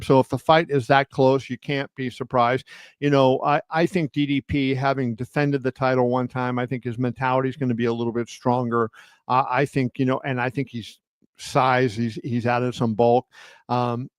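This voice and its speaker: Animated storytelling man, dry sound. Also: medium pitch, moderate pace, smooth, dry recording. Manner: animated storyteller, many fillers and restarts; acts out quotes with raised voice. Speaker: boxing journalist and stream host. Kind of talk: casual live-stream storytelling. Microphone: home setup on a live video stream.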